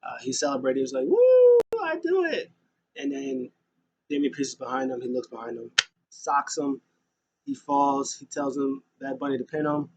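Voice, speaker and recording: A man talks through last night's wrestling in a loose, rambling way, full of ums and uhs. His pitch sits in an ordinary middle range. A faint hiss of background noise runs under the voice. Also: little pitch movement. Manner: rambling, filler-heavy retelling with quick voiced asides. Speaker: wrestling show recap host. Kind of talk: casual recap of a wrestling show.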